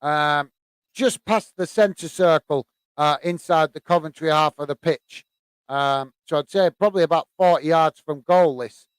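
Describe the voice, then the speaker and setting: A British man hosting a live football watch-along, chatting in a friendly, halting way with many fillers while reading viewer messages. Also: a little high, clear, resonant tone, no room sound.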